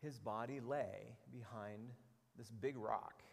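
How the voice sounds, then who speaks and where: A middle-aged man preaching a sermon with animated storytelling, often repeating words as he goes. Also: mid-range voice, slow, creaky, in a large hall. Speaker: pastor.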